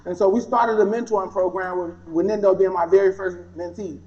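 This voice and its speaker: A man's voice: high-pitched, steady tone, fairly quick, dark tone. A man giving a personal testimony talk, telling his story with animation and acting out what others said. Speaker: guest speaker. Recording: dull lo-fi recording.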